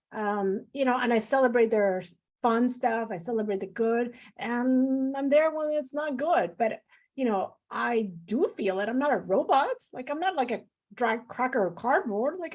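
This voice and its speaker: A middle-aged woman doctor talking in a loose, effusive way, full of "like" and little asides, who slips into lively quoted voices. Her voice sits a little higher than most. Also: normal speed. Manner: effusive, talks with lots of fillers, acts out quoted voices. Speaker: physician guest. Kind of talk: casual interview talk.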